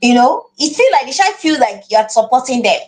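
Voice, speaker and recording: Nigerian woman teacher, high animated voice, earnest, repeats words mid-thought. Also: fairly quick. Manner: earnest, repeats words while finding phrasing. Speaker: parenting class teacher. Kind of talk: live online class.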